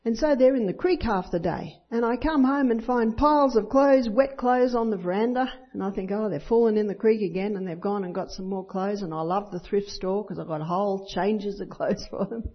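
An older Christian speaker preaches in a mid-range voice at normal speed, with hardly any pauses. Her sermon is full of personal stories, with the voices of children and others acted out. The recording sounds dull and lo-fi.

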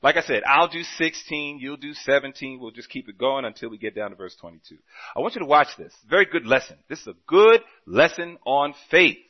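A man preaching a sermon, telling a story with quoted dialogue and swinging between loud and soft passages. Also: on the high side, lively intonation, a little fast, muffled recording.

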